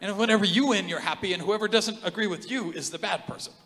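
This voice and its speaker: A high, bright-voiced man preaches to his congregation, joking and telling stories as he goes. He swings from loud, ringing outbursts down to hushed, intimate asides. His voice carries with a long reverb through a large hall. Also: fast. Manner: animated, joking storyteller with big swings in loudness. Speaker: pastor. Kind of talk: sermon.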